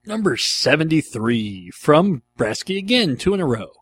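A man's voice: a little high, big pitch swings, moderate pace, breathy edge, no room sound. A middle-aged man hosting a casual question-and-answer show, rambling and enthusiastic, with many ums and uhs. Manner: rambling and enthusiastic, with frequent fillers. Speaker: podcast host answering listener questions. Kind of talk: casual chat.

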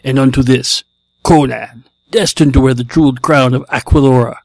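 A man doing an impression of a solemn male chronicler narrating an epic fantasy saga, slow and grand. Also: mid-range voice, fairly even intonation, vocal fry, darkish tone, dry recording. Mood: grandiose.

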